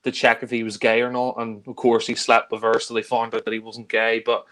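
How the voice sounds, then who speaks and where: With a completely flat delivery and a brisk pace, a man in an ordinary middle pitch rambles enthusiastically about movies. He sounds like one co-host in a casual chat among friends, his tone fairly bright.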